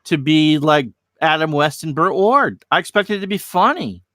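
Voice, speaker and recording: A man's voice: a little high, expressive, normal speed, fairly bright tone, no echo, clean studio sound. A man in a casual live chat, cracking jokes and going off on rambling tangents. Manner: wisecracking, rambling asides.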